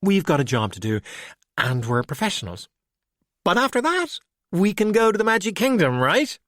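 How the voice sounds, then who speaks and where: A man's voice: mid-range voice, animated, moderate pace, dry recording, clean studio sound, natural voice. A man voicing a spirited teenage Irish girl detective, insistent and wry. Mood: eager.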